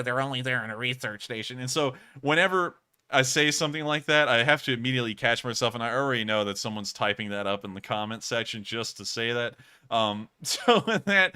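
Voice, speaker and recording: Here an American live-stream host fields viewer questions, rambling chattily and often correcting himself. He speaks in the mid range with a smooth, bright tone that sounds pushed.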